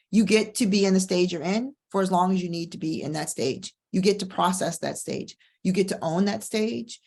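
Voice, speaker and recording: Candid, energetic middle-aged woman coach. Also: mid-range voice. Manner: candid, energetic, repeats phrases for emphasis. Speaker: divorce coach and podcast host. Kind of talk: casual motivational talk.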